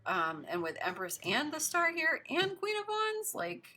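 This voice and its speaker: A woman giving a casual tarot reading to camera, chatty and gushing with many fillers, her voice raspy from smoke. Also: sits high, wildly swooping pitch, measured pace, sharp tone, slight background noise. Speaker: tarot reader.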